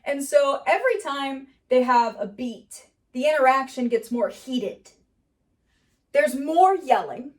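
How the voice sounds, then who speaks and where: A woman teaching sketch comedy writing in a casual, animated way, laughing often and acting out quoted lines. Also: high-pitched, takes it slowly. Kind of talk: casual explainer lesson.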